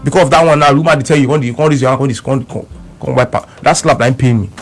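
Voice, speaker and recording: A man's voice: medium pitch, steady tone, racing, slight background noise. A man speaking with a Nigerian Pidgin accent, telling a story on radio with emphatic repeats and quoted back-and-forth. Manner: emphatic, repeats words, quotes both sides of an argument.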